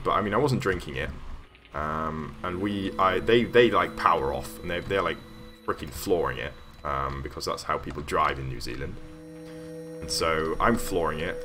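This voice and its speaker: A man's voice: low voice, a bit bright. A man streaming casually as he builds a game level, telling a rambling story full of ums and self-corrections. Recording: streamed voice over background music. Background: background music.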